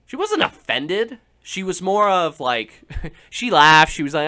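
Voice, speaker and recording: A man's voice: high voice, sing-song, normal speed, pushed and bright. A young man hosting a radio show, rambling through a joking monologue with laughs and restarts. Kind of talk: casual comedic monologue.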